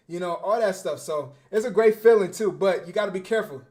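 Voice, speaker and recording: A young man, a football coach and former defensive back, talking casually on a livestream, animated and slangy, often repeating his words. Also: high-pitched, fast, hardly any pauses. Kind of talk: casual livestream film breakdown.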